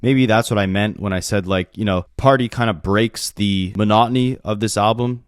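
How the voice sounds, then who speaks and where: A man's voice: lowish voice, moderate pace, clean tone, no echo, clean studio sound. A man giving a casual, opinionated album review in a conversational way with lots of fillers. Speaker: music reviewer.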